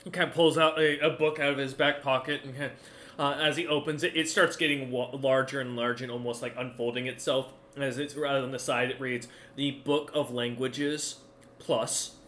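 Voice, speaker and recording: A man's voice: mid-range voice, fairly even intonation, quick pace, pushed and bright, a little hiss or hum. A man narrating as game master of a tabletop game, rambling, with many ums and restarts. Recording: echoey room.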